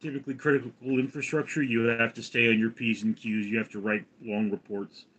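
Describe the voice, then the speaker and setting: An American man hosting a livestream in a casual chat, reading viewer comments aloud and answering them in a rambling, halting way. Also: medium pitch, level tone, fairly bright tone, dull audio. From United States. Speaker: livestream host.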